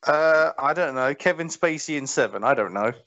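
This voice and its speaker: Man, laid-back podcast guest, mid pitch, dull video call audio. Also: animated, moderate pace, fairly bright tone. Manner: laid-back, incredulous reactions. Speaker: podcast co-host. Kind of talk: casual chat.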